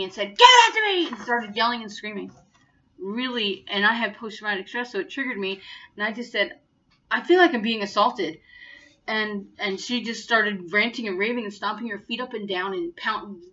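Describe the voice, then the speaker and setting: Brief: woman, 50s, bright and forceful tone, earnest, indignant vlog storytelling, dull lo-fi recording. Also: medium pitch, steady tone, normal speed. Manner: earnest, indignant retelling of an incident. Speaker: vlogger.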